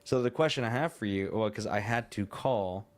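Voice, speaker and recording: Male podcast host, lowish pitch, loose rambling storyteller who cusses casually. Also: normal speed. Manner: rambling, swears freely, laughs often. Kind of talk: casual chat.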